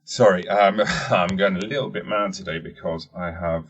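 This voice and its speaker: Low husky-voiced man rambling. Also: moderate pace, lo-fi sound. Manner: rambling and jokey, swears freely. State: wearing teeth-straightening trays. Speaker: podcast host. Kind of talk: casual solo podcast chat.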